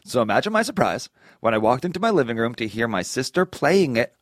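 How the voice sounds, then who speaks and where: A man's voice: mid-range voice, very animated, fast talker, no echo, studio quality. A man co-hosting a comedy podcast, joking around and reading listener emails aloud in a playful way. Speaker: podcast co-host. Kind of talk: casual comedic chat.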